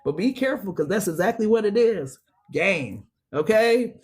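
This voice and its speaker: A man with a high voice gives a casual tarot reading. His speech is slangy, profane and chatty. He talks straight to the viewer as if to a friend. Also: animated, moderate pace, a little mellow, slightly rough. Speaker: tarot reader.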